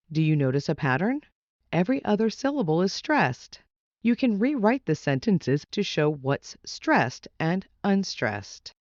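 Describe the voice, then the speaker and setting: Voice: medium pitch, a little mellow, no room sound, highs cut off. A reader steadily reading a children's nonfiction book aloud.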